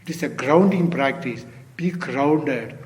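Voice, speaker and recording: A man's voice: mid-range voice, slight background noise. Older man giving a Zen talk in a hall. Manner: unhurried, repeats "you see" often. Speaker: Zen teacher. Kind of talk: dharma talk.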